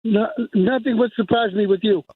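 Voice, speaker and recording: A man who is a military veteran calls in to a radio talk show and answers the host in a dry, defensive, measured way. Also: high-pitched, fairly even intonation, breathy edge, no echo. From United States. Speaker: caller. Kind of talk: call-in radio chat. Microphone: telephone. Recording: tinny phone line.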